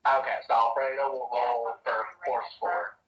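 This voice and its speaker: A man's voice: mid-range voice, level tone, moderate pace, fairly bright tone, roomy sound, far from the mic, highs cut off. A man acting as dungeon master in an online tabletop game, tracking bets and dice rolls aloud with casual asides.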